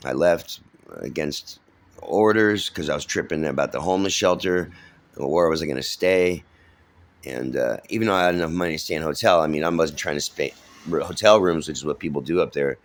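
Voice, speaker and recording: A man's voice: rumbling low, a little fast. A middle-aged man from San Francisco, rambling through his life story in casual, profane talk full of fillers and restarts.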